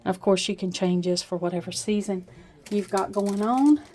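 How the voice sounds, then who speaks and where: A mellow, mid-range female voice at a moderate pace chats homily through her home kitchen decorations. She speaks with an Appalachian accent in a homey, chatty casual show-and-tell vlog, with lots of "uh" fillers.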